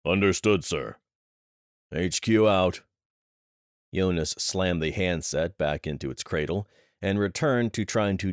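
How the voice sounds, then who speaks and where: A man narrating a thriller audiobook in steady, measured storytelling. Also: deep voice, no echo, clean studio sound.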